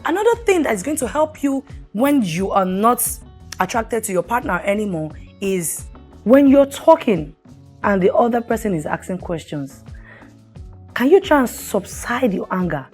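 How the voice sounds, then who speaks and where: A woman's voice: a little high, big pitch swings, moderate pace, darkish tone, soft background music. A middle-aged woman, hosting a talk show and giving earnest, preachy marriage advice while putting questions to the listener.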